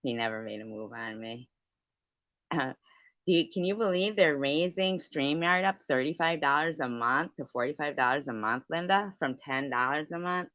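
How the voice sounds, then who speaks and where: This middle-aged woman runs a livestream, telling stories and answering viewers in casual chat while laughing often and swearing without restraint. Her low voice is a bit bright, with lively intonation and normal speed. A computer mic yields dry, dull lo-fi audio without echo.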